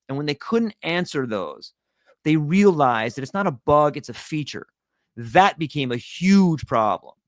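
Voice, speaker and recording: A man's voice: on the high side, no echo, studio quality. A middle-aged man telling a personal story in a candid, casual way, swearing freely and laughing often. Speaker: guest.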